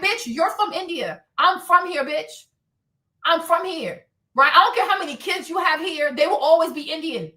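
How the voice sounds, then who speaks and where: A woman with a high, sharp voice rants through a live-stream commentary, swearing hard and pressing her audience for agreement again and again. She sounds set back from the mic in a roomy, echoing space. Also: recorded from a distance. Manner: profane, emphatic, keeps asking "right?".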